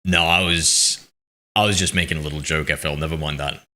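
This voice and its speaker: A man chats with viewers on a game stream, his low voice carrying a bright, forward edge with fairly even intonation and a brisk pace. Rambling and self-deprecating, he reads their messages aloud through a streaming mic with a noise suppression filter.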